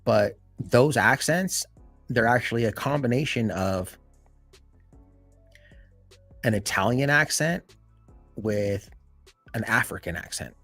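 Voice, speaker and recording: A man hosting a live stream in casual chat, rambling and filling every pause with "you know" and "like". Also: mid-range voice, vocal fry, fairly bright tone, no echo, soft background music.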